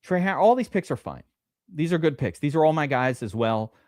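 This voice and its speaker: A man hosts a live-stream fantasy draft, rambling excitably and swearing as he goes. His voice sits somewhat high and swoops up and down a lot, and the sound is dry and close. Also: fairly quick, no room sound. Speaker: streamer host.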